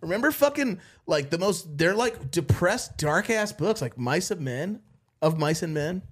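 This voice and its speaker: A man co-hosting a casual podcast, animated and crude as he riffs fast with lots of swearing. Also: on the high side, breathy edge. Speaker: podcast co-host. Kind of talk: casual profane chat.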